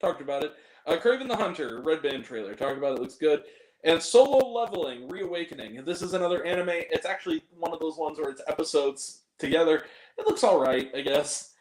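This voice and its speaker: A man's voice: fairly high pitch, expressive, fairly quick, darkish tone. Blunt rambling man reviewing movies. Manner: blunt, rambling, self-deprecating. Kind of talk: casual video review. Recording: echoey room.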